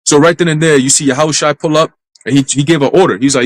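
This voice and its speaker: A man in a live church stream telling a dream as testimony, in brisk street slang with some cursing. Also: a little high, steady tone, low-quality recording. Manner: brisk storytelling full of street slang and profanity. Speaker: church minister.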